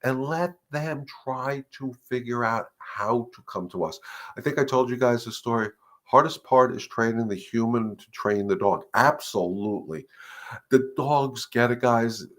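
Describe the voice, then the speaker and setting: A man's voice: medium pitch, a bit bright. A middle-aged man, a dog trainer hosting a live question-and-answer session, talking earnestly and emphatically and repeating his points. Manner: earnest and emphatic, repeating points, acting out dogs and owners in quick asides. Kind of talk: live-stream advice talk.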